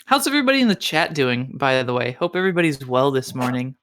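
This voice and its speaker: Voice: mid-range voice, expressive, fast, a bit bright. A commentator from Minnesota, chatting casually and playfully over a speedrun stream. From Minnesota, United States.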